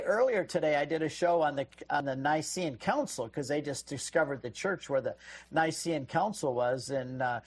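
A man's voice: a little high, husky. A man answering callers' questions on a call-in radio show, explaining in a teacherly way. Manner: explanatory, teacherly, laughs often. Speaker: radio show guest expert.

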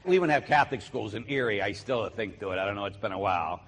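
A man preaching a sermon emphatically, swinging between loud declarations and quiet asides, with a husky voice. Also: on the low side, expressive, fast. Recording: long hall reverb.

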